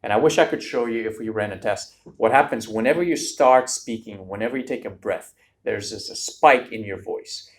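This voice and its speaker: Male exam tutor, slightly low pitch, brisk and direct to camera. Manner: direct, energetic, addresses viewers as "you guys". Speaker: exam coach.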